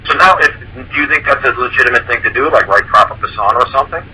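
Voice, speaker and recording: A man's voice: mid-range voice, fast, background noise. A man speaking casually on a talk show. He explains his points with animation, acting out the conversations he recalls and often repeating himself. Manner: animated, acts out quoted exchanges, repeats himself. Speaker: guest speaker on common law.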